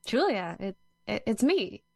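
A woman's voice: medium pitch, big pitch swings, a little slow, gravelly, no echo, studio quality, heavily acted. An actress playing a nervous woman who stammers and hesitates while calling an old friend, in a radio drama.

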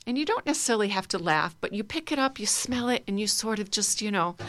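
A woman's voice: mid-range voice, lively intonation, fast, few pauses. Encouraging woman leading laughter exercises. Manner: playful, encouraging, bursts into loud laughter. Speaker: laughter yoga leader. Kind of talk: guided group laughter exercise.

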